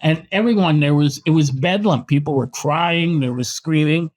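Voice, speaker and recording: Middle-aged boxing historian from Canada, a man telling stories in an interview with restarts and acted-out quotes, voice sitting a bit high. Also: normal speed. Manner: animated anecdotes, frequent restarts and acted quotes. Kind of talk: storytelling in a podcast interview.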